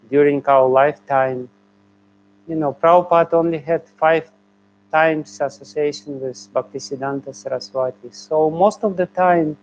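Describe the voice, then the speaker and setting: A man's voice: on the high side, muffled recording, a little hiss or hum. A man, a spiritual teacher, answering a question with a hesitant, chuckling manner and many fillers.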